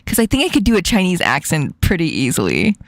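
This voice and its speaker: A woman's voice: fairly low pitch, huge pitch swings, fast, no room sound, clean studio sound. A woman hosting a casual chat stream, giggling often and swearing casually. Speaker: streamer host.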